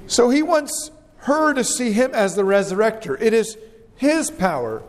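A man preaching an earnest, measured sermon and reading scripture aloud. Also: sits high, very animated, long reverb tail.

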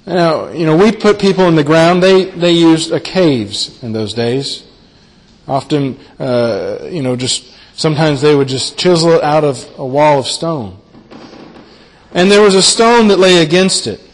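A man preaching a sermon in a fairly high voice, earnest and often repeating his words. He slows down and falls soft on key phrases, and his voice rings with the long reverb of a large hall. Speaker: pastor. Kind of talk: sermon on a Bible passage.

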